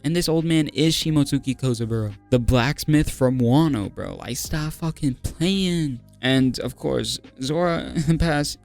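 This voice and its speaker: A man's voice: medium pitch, animated, moderate pace, vocal fry, few pauses, a little mellow, soft background music. A young man recapping a manga chapter in casual, slang-heavy talk, hyped and laughing often, saying "bro" constantly. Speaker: manga review host.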